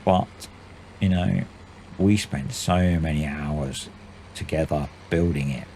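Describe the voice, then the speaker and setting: A man in his forties talks through a game session in a loose, rambling way, in a deep voice with a gravelly edge. He calls his own delivery usually monotone. Faint background noise sits under the recording. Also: slow. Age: 40s. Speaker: gaming channel host. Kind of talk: casual let's-play commentary.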